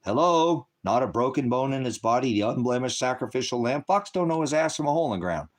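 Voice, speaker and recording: A man with a mid-range, expressive voice speaks quickly over a noisy background while hosting a ministry livestream. He's angry, profane and combative, berating and heckling commenters in his chat as he lectures on scripture.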